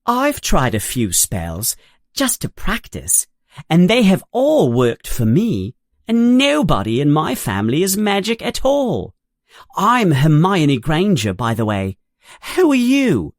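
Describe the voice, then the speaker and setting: A narrator voicing a bossy, fast-talking know-it-all schoolgirl in a children's story, pitching the voice higher. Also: huge pitch swings, no room sound, full character voice. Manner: quick and bossy.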